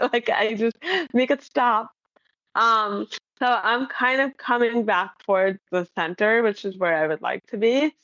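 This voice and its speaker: A woman speaks frankly as a podcast guest, poking fun at herself and laughing often between her fillers. Her voice sits at a medium pitch. It is recorded dry on a slightly dull, lo-fi mic. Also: unhurried, a bit bright, no echo. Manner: candid, self-deprecating, laughs often, many fillers. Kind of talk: casual conversation.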